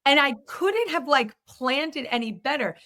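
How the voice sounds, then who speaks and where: A woman's voice: high-pitched, moderate pace. A woman podcast host and myofunctional therapist telling a story in conversation, acting out the quoted dialogue with energy. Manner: animated, acts out quoted dialogue in her stories.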